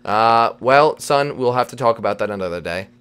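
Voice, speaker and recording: A man's voice: medium pitch, lively intonation, normal speed, a bit bright, clear, resonant tone. A man hosting and playing a Minecraft role-play, hesitant and full of "uh"s. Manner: bumbling, hesitant, stammers with "uh". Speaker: host and Minecraft role-player.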